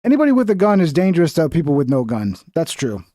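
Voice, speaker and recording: A man's voice: a little high, huge pitch swings, fast, dark tone. A young man streaming casual commentary over a video, rambling and profane, with conspiratorial asides.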